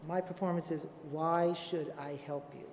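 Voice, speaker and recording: A man's voice: fairly high pitch, steady tone, moderate pace, a little mellow, a little hiss or hum. A man in his fifties from Brooklyn, New York, telling a comic, self-mocking story on a theater stage. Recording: echoey theater hall.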